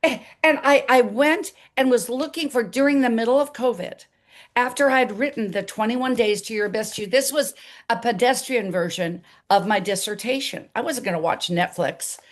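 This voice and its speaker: Older woman telling a lively story. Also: on the high side, normal speed. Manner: animated storyteller acting out dialogue. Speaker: interview guest, author. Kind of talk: storytelling interview.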